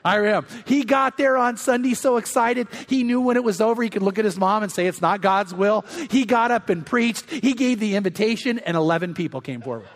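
A man's voice: extremely high pitch, brisk, few pauses, in a large hall. A male pastor preaching a sermon, telling stories candidly and acting out the voices of the people in them. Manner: storytelling, acting out quoted voices.

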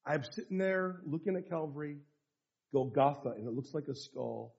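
A middle-aged American man, a pastor preaching a sermon, telling a story and moving from hushed tones to fervent bursts. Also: on the high side, lively intonation, normal speed, vocal fry, highs cut off. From United States.

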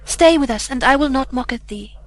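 A woman reading a gentle little girl. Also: high-pitched, brisk, lightly acted. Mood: kind.

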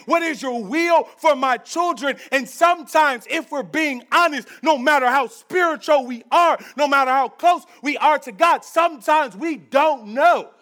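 High-voiced male pastor preaching. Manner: conversational preaching, swings between loud emphasis and hushed intensity. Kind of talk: sermon.

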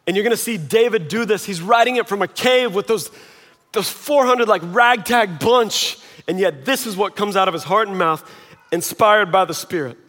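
A middle-aged male pastor preaching a sermon in a conversational, animated way, at times dropping to quiet intensity. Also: high-pitched, moderate pace, long reverb tail.

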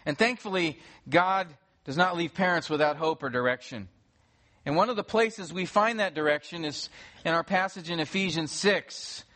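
A man delivers a sermon from the pulpit in a somewhat high voice. He tells his story earnestly, often restarting a phrase mid-thought as he speaks to the congregation. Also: fairly bright tone. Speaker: pastor. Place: church sanctuary before a congregation.

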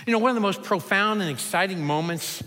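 A man's voice: high-pitched, quick pace, sharp tone, long reverb tail. A man preaching a sermon as a pastor, building long rhythmic lists with rising and falling intensity.

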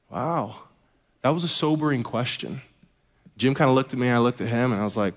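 A man's voice: mid-range voice, fairly quick. A man preaching a sermon as a pastor, telling a story with humor. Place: church sanctuary. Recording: echoey hall reverb.

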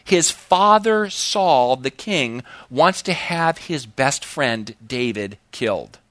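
A man preaching a sermon in an animated way, with big rises in pitch and slow, emphatic phrases. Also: no echo. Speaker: pastor.

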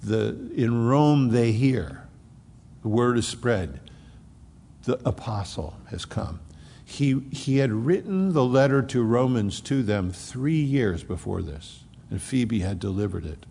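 A man's voice: mid-range voice, animated, slow pace, vocal fry, warm tone, in a large hall, a little hiss or hum. A man preaching a sermon, retelling scripture in a folksy, storytelling way with casual asides.

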